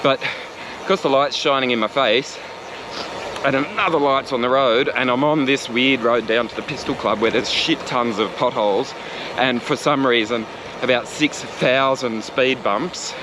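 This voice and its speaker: A man's voice: medium pitch, normal speed, background noise. A man with an Australian accent talking casually while cycling outdoors before dawn, joking and swearing now and then as he vlogs. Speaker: cycling vlogger. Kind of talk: casual vlog commentary while riding. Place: riding a bike outdoors on roads before dawn.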